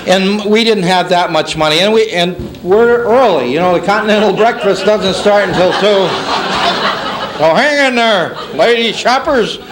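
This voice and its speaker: A man's voice: sits high, moderate pace, crowd noise, low-quality recording. A man, emceeing a banquet and telling comic stories, slipping into other people's voices as he goes. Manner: animated, puts on a child's voice and his mother's. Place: banquet hall. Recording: faint room noise, 1991 banquet tape.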